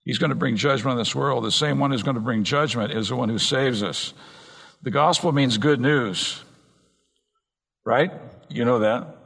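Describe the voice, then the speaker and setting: A man's voice: mid-range voice, moderate pace, vocal fry, fairly bright tone, husky. Man preaching in a reverberant hall. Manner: earnest expository preaching, varied pace. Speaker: pastor. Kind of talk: sermon. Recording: long reverb in a large hall.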